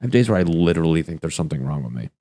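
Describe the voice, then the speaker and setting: A young man with a low, deep voice riffs through a crude solo comedy rant, chuckling at his own lines. The sound is dry and close, with no room echo. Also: expressive, rapid-fire, mellow. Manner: crude, rambling, laughs at his own jokes. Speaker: podcast host.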